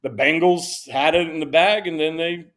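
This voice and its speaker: A man hosting a sports podcast in a relaxed, casual way, setting up clips for the others. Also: fairly high pitch, normal speed. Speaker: podcast host.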